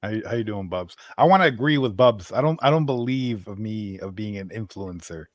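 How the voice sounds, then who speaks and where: A man's voice: fairly low pitch, lively intonation, brisk, no room sound, studio quality. A man appearing as a guest on a casual livestream, answering in a laid-back, hesitant way. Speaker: guest, a comics and gaming content creator.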